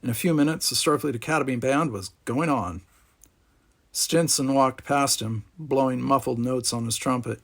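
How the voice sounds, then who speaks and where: A man narrating a storybook aloud, animated, giving each character its own voice. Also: mid-range voice, moderate pace.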